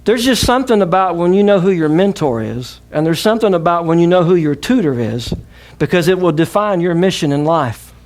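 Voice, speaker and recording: A middle-aged man with a Southern US accent preaches from the pulpit, emphatic and direct. His speaking voice sits a little high for a man. He calls on the congregation to answer him back. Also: animated, fairly quick, few pauses, darkish tone. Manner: emphatic preaching with call-and-response. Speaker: pastor. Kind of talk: sermon.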